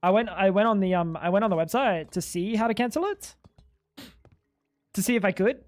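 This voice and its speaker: A man's voice: sits high, a little fast, faint music behind. A man streaming live, chatting casually in a ranting, exasperated way full of swearing.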